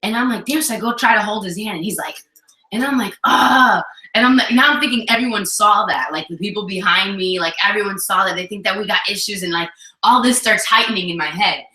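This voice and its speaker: Woman co-host, lively storyteller, bright tone, echoey room sound. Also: medium pitch, quick pace. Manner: animated storytelling, acts out quotes. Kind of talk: casual couple chat.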